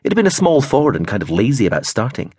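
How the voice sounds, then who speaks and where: A man reads a novel aloud in the first person, his husky voice swinging widely in pitch as he tells the story. The read is close and dry, with no room around it. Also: quick pace, dry recording. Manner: expressive storytelling with voiced character turns. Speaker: audiobook narrator. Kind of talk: first-person audiobook narration.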